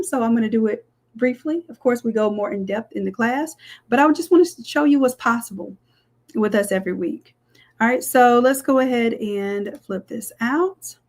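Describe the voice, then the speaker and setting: A woman, walking viewers through a live design tutorial in a chatty way. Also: fairly high pitch. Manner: chatty, says "y'all", talks viewers through steps. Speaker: design instructor. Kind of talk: live screen-share tutorial.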